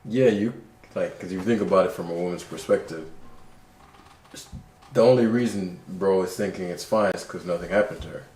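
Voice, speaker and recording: A man telling stories in a relaxed, calm way during a casual podcast chat. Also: low voice, moderate pace, echoey room. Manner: calm, laid-back storytelling.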